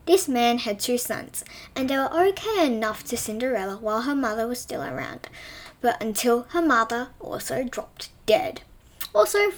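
A young woman reading her own funny retelling of a fairy tale aloud, playful and often correcting herself mid-sentence. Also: a little high. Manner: playful, with frequent self-corrections. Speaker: storyteller. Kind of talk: reading a self-written story aloud.

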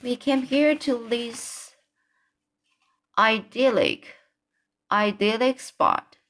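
A woman's voice: a little high, lively intonation, very slow, a bit bright, voice pushed up, heavily acted. An indignant male cock swan, read by a woman. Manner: stiff, complaining.

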